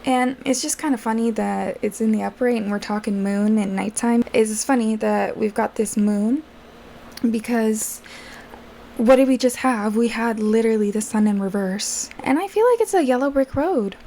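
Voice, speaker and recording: A woman reads tarot cards in a loose, chatty way, talking straight to her viewers. Her voice is gravelly and mellow, sitting a little high for a woman. Faint room sound hums behind her. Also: moderate pace, slight background noise. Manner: chatty, addresses viewers directly, frequent fillers. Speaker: tarot reader. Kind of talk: casual tarot reading for viewers.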